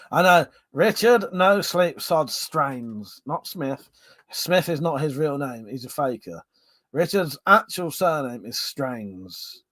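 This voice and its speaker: An English man with a fairly high voice hosts a relaxed late-night livestream over a drink. He reads viewers' messages aloud and answers them with jokes, laughter and easy swearing, often repeating his agreement. The sound is dry and close. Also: dry recording. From Buckinghamshire, England. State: having a drink. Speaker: livestream host. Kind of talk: casual live-stream chat, reading viewer comments aloud.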